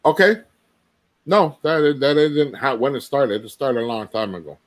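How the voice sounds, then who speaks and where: A man's voice: medium pitch, moderate pace. A man, a former co-host, arguing tersely and demanding yes-or-no answers. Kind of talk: heated confrontation.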